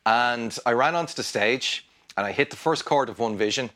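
A man with an Irish accent, talking as a guest guitarist in a casual interview, rambling and animated with many restarts. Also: mid-range voice, normal speed, heavy background noise. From Ireland.

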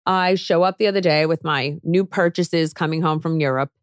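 A woman's voice: sits low, moderate pace, dry recording, clean studio sound. A woman hosting a podcast, telling a story in casual chat and acting out the voices of people she quotes. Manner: animated storyteller who acts out quoted voices. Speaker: podcast host.

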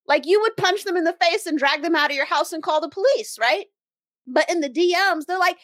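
A woman hosts a business podcast in a casual, animated solo talk, mimicking other people as she tells stories. Her voice sits a little high. The sound is dry and close. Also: fast, no room sound. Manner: animated, acts out quoted voices with big pitch jumps. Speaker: podcast host and brand strategist.

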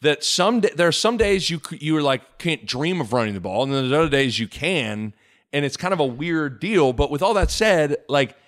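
A man hosting a casual sports podcast, animated and joking, with rambling asides. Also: fairly high pitch, moderate pace. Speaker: podcast host.

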